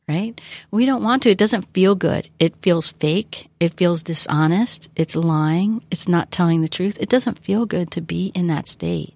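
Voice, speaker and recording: A woman's voice: on the low side, normal speed, darkish tone, no echo, studio quality. A woman who works with children, speaking earnestly to parents and teachers and coaching them with frequent rhetorical questions. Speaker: child behavior educator. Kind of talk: advice talk to parents.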